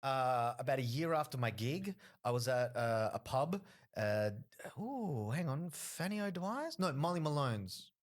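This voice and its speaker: A comedian chatting casually on a podcast, telling stories and acting out what other people said. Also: male voice, mid-range voice, measured pace, hardly any pauses. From Australia. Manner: animated storyteller acting out other people's lines. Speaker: comedian guest.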